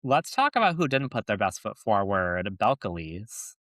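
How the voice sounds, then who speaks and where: A man's voice: on the low side, big pitch swings, measured pace, fairly bright tone, dry recording, studio quality. A young man co-hosting a podcast in a casual, playful way, laughing often and restarting his sentences. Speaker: podcast co-host. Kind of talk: casual chat.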